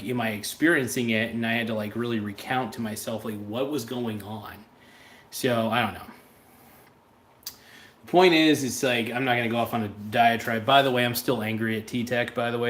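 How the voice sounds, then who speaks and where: A man hosting a livestream, talking in a casual, rambling and blunt way and answering viewer chats. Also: mid-range voice. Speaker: livestream host.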